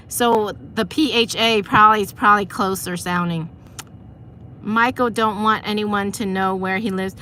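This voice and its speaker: A woman's voice: on the high side, fairly even intonation, a little slow, sharp tone. A woman chatting casually with viewers on a live stream from inside a parked car, laughing often. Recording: car interior with vehicle noise.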